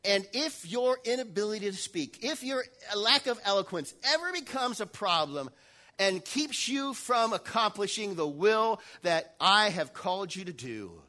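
A man's voice: high voice, expressive, a little slow, bright, forceful tone, pitched above the performer's own voice, exaggerated voice. A man preaching a sermon, speaking as God, asking firm, reassuring questions in his own voice. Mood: assuring. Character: God, calm and assuring male voice.

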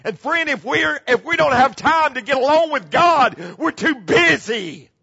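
A middle-aged male pastor preaching a sermon, repeating key phrases and dropping into hushed tones. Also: very high-pitched, lively intonation, a little slow, creaky. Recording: muffled, slightly lo-fi.

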